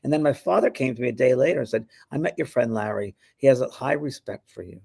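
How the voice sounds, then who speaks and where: Talking fast in a husky, gravelly voice of ordinary middle pitch, this man, a spiritual medium who hosts a show, shares stories in casual conversation. He laughs easily and mimics the people he quotes.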